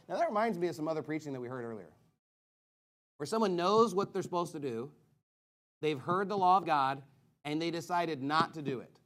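A man preaching a fiery sermon to a congregation in a church, reading scripture and shouting key words with quick asides. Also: on the high side, expressive. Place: church sanctuary.

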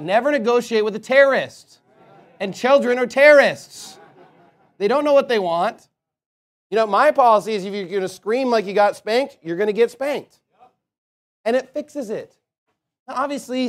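High-voiced man preaching a fiery sermon. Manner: emphatic preaching that swings between loud and soft. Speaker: pastor.

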